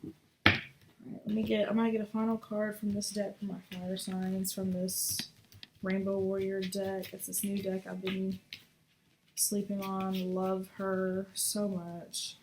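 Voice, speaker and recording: A woman's voice: mid-range voice, monotone, a little slow. A woman giving a casual, chatty tarot reading, talking bluntly and swearing freely. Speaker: tarot reader. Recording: echoey room with faint noise.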